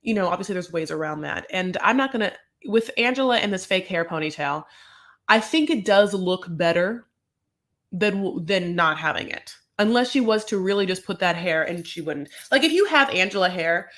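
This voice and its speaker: A woman's voice: lowish voice, animated, moderate pace, a bit bright. An American woman hosting a casual recap, talking in a chatty, gossipy, sassy way. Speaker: host. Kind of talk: casual reality-show recap.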